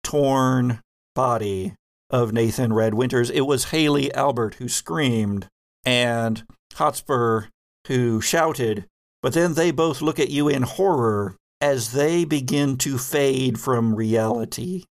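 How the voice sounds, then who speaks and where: A man runs a tabletop horror game as its game master. He speaks at an unhurried pace and lingers over each detail as he describes the scene. His narration is measured and descriptive. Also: mid-range voice.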